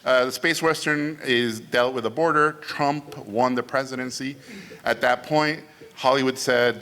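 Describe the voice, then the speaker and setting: A man tells stories from a stage panel, bright and forceful in tone, with a lively, animated delivery. He swears casually and slips into voices to act out what others told him. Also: mid-range voice, moderate pace.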